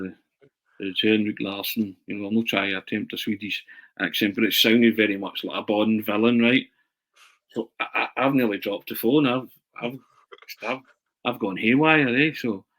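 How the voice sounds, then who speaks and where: A man's voice: lowish voice, low-quality recording. A man, a journalist being interviewed, telling stories with lots of laughter and restarted phrases. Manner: animated, laughing, repeats and restarts his words. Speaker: journalist and writer, interview guest. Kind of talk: anecdotal storytelling in an interview.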